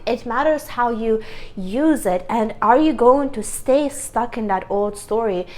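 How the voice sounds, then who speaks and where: Earnest woman with a strained voice. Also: fairly high pitch. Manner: earnest, emphatic, repeats phrases for stress. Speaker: vlogger. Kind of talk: reflective self-help talk to camera.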